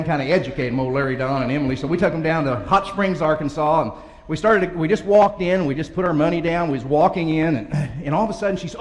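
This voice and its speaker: A man giving a humorous banquet speech as a motivational speaker, telling folksy stories and chuckling often. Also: fairly high pitch. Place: large banquet hall. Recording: echoey hall recording with faint ambience.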